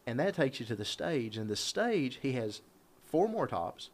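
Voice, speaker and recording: Animated man telling a rambling story. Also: mid-range voice, moderate pace. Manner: rambling and animated, swears freely. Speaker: podcast storyteller. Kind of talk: casual storytelling chat.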